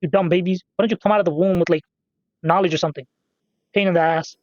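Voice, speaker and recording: A man's voice: high voice, fairly even intonation, fast, dry recording, dull audio. A man casually rambling through profane, off-topic stories while commenting on a game he is playing. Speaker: gaming channel host.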